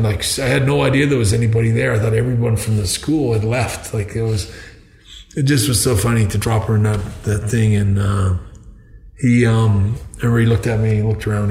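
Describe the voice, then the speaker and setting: A man's voice: mid-range voice, fairly even intonation, fairly quick, vocal fry, darkish tone. An older man from Canada, a podcast guest telling a rambling story with many restarts and laughing at his own tales. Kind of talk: casual storytelling. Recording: echoey room.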